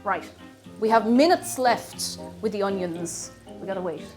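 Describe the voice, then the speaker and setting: In an unhurried, expressive mid-range voice, an Irish woman talks to her stream audience as she cooks in her home kitchen, with music in the background. The casual chat is bubbly and talkative, and she reads out viewer names.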